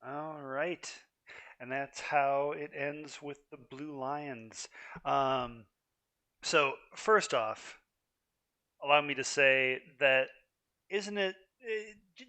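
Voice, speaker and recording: A man's voice: medium pitch, sharp tone. A man hosting a gaming video, commenting casually in a rambling, amused way. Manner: rambling, amused, many fillers and restarts.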